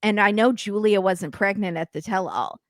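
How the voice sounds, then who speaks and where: A woman hosting a casual recap podcast, talking fast and acting out quotes in lively put-on voices. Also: medium pitch, no echo. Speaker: podcast host recapping reality TV.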